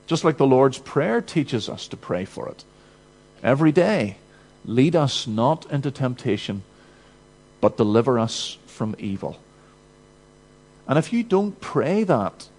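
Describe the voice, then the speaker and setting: A man preaching a sermon in an earnest, emphatic manner, rising to urgency and dropping to quiet. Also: medium pitch, poor audio.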